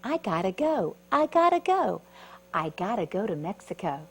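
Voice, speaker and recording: A woman voicing an eager, determined little female caterpillar in a storybook reading, with an excited sing-song manner. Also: medium pitch, moderate pace, slightly rough.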